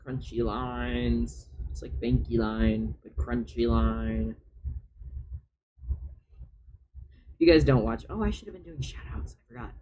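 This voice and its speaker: A man's voice: medium pitch, measured pace, pauses often, mellow, slight background noise, poor audio. A man chatting on a live stream as he draws, often muttering his steps to himself as he works. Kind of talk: casual live-stream chat while drawing.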